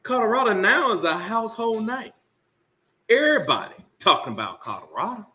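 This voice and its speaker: A man's voice: sits high, very animated, normal speed, bright, forceful tone. A man hosting a casual sports talk rant, emphatic and sarcastic with laughing asides. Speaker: sports commentary host.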